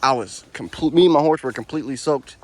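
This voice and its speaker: A man's voice: medium pitch, fast talker, a little mellow. A young man in his twenties, a horse trainer, talking in a laid-back, rambling, reflective way while riding outdoors on a wooded trail. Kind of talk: casual vlog narration while riding. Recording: faint outdoor noise.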